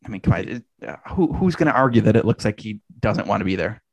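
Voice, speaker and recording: A man's voice: fairly low pitch, lively intonation, fast, gravelly, dry recording, highs cut off. A man co-hosting a casual football podcast, rambling and restarting his sentences, swearing now and then. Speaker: podcast co-host. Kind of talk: casual sports chat.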